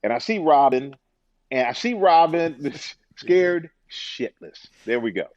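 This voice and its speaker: Animated man telling stories in an interview. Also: on the high side, slow pace, no echo, dull audio. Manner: animated storyteller, acts out quoted voices, laughs. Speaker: interview guest, former football player and TV host. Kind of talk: casual interview chat.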